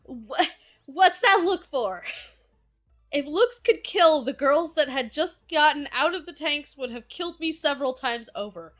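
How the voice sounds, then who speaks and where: Bright, high, excitable woman streamer. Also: a little slow, soft background music. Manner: excitable, profane, reacts loudly. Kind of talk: game playthrough, reading dialogue aloud.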